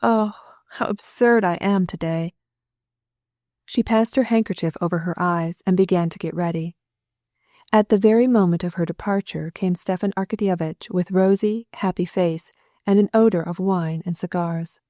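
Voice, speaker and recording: A woman narrating a classic novel audiobook in a measured, even storytelling manner, close to the mic. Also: on the low side, no room sound.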